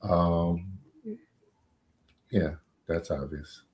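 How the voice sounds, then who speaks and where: A man, a defense attorney being interviewed, answering in a measured, halting way with many pauses and fillers. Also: deep voice, steady tone, a little mellow.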